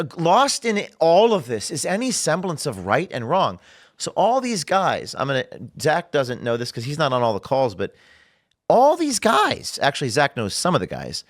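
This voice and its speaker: Animated man with lively pitch. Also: moderate pace, no room sound, clean studio sound. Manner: animated, acts out quoted people, stumbles and restarts. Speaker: guest, investigative journalist. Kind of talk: talk show discussion.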